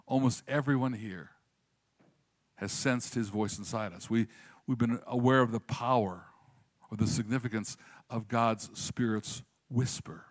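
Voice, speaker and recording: A pastor preaching to a congregation, telling a story with lively quoted voices and then speaking more quietly and earnestly. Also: male voice, medium pitch, a little slow, dry recording. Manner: animated storytelling, raises voice for quoted prayers. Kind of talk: sermon with storytelling.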